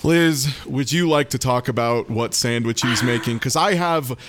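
A man's voice: mid-range voice, moderate pace, a bit bright. A man co-hosting a casual podcast, explaining things eagerly and at length. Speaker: podcast co-host. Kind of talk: casual chat.

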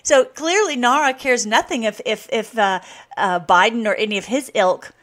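Excitable woman hosting a commentary show. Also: normal speed. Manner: excitable, laughing, pitch jumps when worked up. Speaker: online show host. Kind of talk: casual commentary over played clips.

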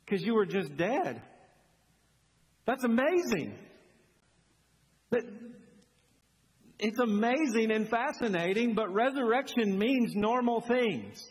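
High-voiced pastor preaching in a reverberant hall. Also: male voice, unhurried, long pauses. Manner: animated, conversational preaching with rhetorical questions. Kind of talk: sermon. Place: church sanctuary. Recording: husky voice in a long-reverb church hall.

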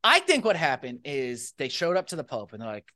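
A man co-hosting a comedy podcast, telling silly stories and slipping into high character voices. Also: wildly swooping pitch, a little fast, pushed and bright, no room sound, clean studio sound. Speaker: podcast co-host. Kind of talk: comedic banter with put-on voices.

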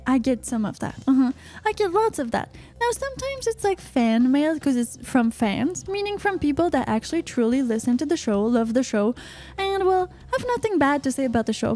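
Playful high-voiced woman hosting a stream. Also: warm tone. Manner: playful, chatty, frequent "uh-huh" fillers and giggles. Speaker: radio show host. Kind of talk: casual live-stream chat.

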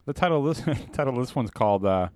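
A man's voice: medium pitch, animated, fast talker, darkish tone, dry recording. A young man co-hosting a podcast, reacting to stories with laughs and blunt remarks. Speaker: podcast co-host. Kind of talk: casual chat.

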